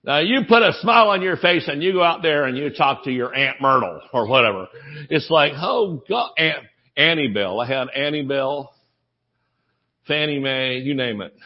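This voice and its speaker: A man's voice: medium pitch, moderate pace, dull audio. A man with a Southern US accent, preaching a humorous sermon full of stories and laughter. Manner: animated storytelling, laughs often.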